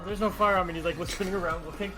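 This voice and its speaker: Brief: higher-pitched man, playful tabletop player, clear music under him. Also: fairly even intonation, racing. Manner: playful, laughing asides. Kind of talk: casual tabletop play.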